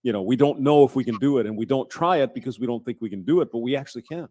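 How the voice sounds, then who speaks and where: A man's voice: medium pitch, racing, mellow, dry recording. A man hosting a casual panel chat, joking and teasing the guests and laughing often.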